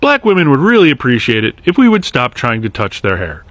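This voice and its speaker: A man's voice: mid-range voice, sing-song, fairly quick, fairly bright tone, dry recording. A man hosting a short explainer video series, talking straight to camera in a direct, earnest and lightly sarcastic way. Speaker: host of a social media series. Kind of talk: scripted explainer monologue to camera.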